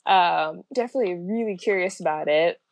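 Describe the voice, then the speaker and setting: A woman's voice: on the low side, brisk, no echo. Laughing, chatty young woman. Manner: laughs often, lots of likes and ums. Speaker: guest. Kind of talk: casual chat.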